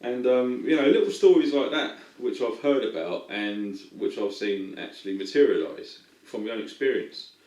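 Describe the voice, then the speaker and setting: A man's voice: medium pitch, moderate pace, few pauses, dark tone. Middle-aged man, casual rambling storyteller, recorded at a distance in a reverberant room. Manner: rambling, many ums and restarts. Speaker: vlogger.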